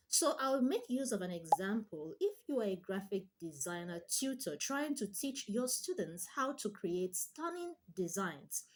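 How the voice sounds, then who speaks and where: An online tutor, a woman with a medium, somewhat mellow voice, gives an instructional talk full of emphasis. She repeats herself deliberately to make her points stick.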